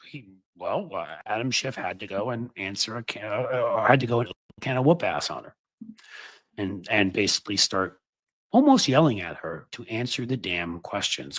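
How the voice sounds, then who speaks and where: A man's voice: lowish voice, a bit bright. A man hosting a livestream of political commentary, sarcastic and mocking.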